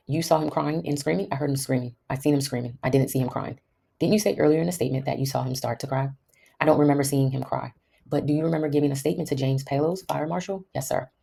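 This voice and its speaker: A woman podcast host reads a courtroom transcript aloud at a brisk clip, taking every part herself. Her voice is gravelly, with a dark, husky tone. She breaks in now and then with dry remarks of her own. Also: extremely low pitch. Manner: reads every part in the same voice with wry asides.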